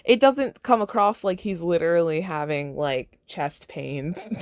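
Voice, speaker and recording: A woman's voice: fairly low pitch, big pitch swings, takes it slowly, no echo, studio quality. An American woman hosting a podcast, casually commenting on her own fan fiction with lots of "like" and laughter. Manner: chatty, lots of "like", breaks into laughter. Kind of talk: casual commentary and read-aloud.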